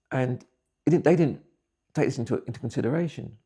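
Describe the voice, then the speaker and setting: A man's voice: medium pitch, brisk, warm tone, slightly rough. A man, giving blunt, plain-spoken personal testimony. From England. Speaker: interviewee.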